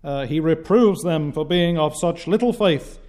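A man preaching a sermon in a measured, declamatory way, with frequent "uh" pauses between phrases. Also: on the high side, darkish tone.

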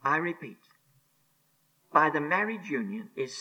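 A male preacher delivering a sermon at a slow, weighty pace. His voice is bright and a little high, and it rises and falls widely as he stresses each phrase. He repeats key words and often drops to a hushed near-whisper. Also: sing-song, low-quality recording. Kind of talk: expository sermon.

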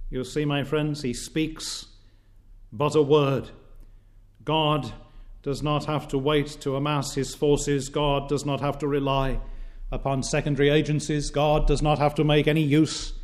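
Slow, deliberate male preacher. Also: a little high, level tone, darkish tone. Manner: measured, declamatory preaching with frequent "uh" pauses. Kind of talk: sermon.

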